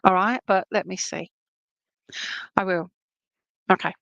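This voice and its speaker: A woman medium gives a chatty, rambling clairvoyant reading and keeps checking in with her listener. Her mid-pitched voice has a gravelly rasp, recorded dry and close. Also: steady tone, a little slow, a bit bright, no room sound, lo-fi sound. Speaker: spiritualist medium.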